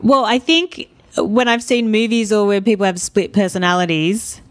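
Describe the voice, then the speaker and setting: A woman's voice: medium pitch, moderate pace. An Australian woman speaking as an interview guest, telling stories candidly and with animation. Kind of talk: casual interview talk.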